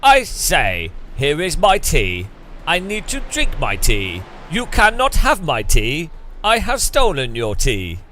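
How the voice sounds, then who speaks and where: A man voicing a stiff, posh Englishman, speaking slowly and formally. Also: a little high, huge pitch swings, bright, forceful tone, slight background noise, full character voice. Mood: prim. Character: stiff posh Englishman fussing over his tea.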